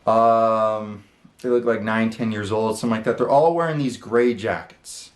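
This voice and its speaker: A man's voice: fairly low pitch, normal speed. Rambling man in a roomy echo. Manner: rambling, with many fillers and casual swearing. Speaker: channel host. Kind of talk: casual storytelling. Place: his room.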